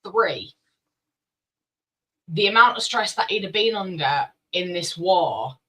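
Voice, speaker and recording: A man with a bright, sharp tone and a husky edge to his voice argues his side in a casual podcast chat. He lays out his case in firm, numbered points. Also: high-pitched, lively intonation, takes it slowly, low-quality recording.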